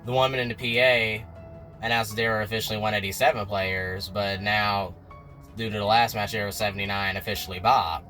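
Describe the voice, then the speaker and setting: A man recapping a TV episode in a slangy, animated storytelling way, talking straight to his viewers. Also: on the low side, brisk, faint music behind. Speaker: TV recap vlogger.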